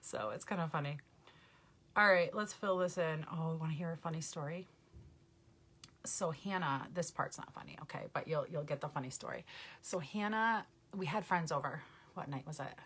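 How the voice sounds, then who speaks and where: A woman's voice: low-pitched, moderate pace, a bit bright, slightly rough. A woman hosting a live makeup tutorial, chatting casually, laughing often and greeting viewers by name. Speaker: makeup vlogger, mother.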